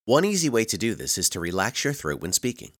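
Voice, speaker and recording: Male course narrator, low voice, lively intonation, dry close recording. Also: fast talker, dry recording. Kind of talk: scripted narration.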